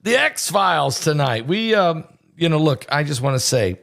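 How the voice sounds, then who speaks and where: A man, a pastor, hosting a casual interview and talking excitedly with many stammering restarts. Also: on the high side, moderate pace, gravelly.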